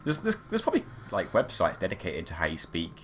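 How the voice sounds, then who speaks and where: Man co-host, young, very low but very expressive voice, teasing. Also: slight background noise. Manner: teasing and quick to laugh. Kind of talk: casual chat.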